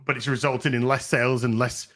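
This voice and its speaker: A man's voice: medium pitch, a little fast. A man co-hosting a casual podcast, ranting with lots of swearing. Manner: profane, animated ranting. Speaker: podcast co-host.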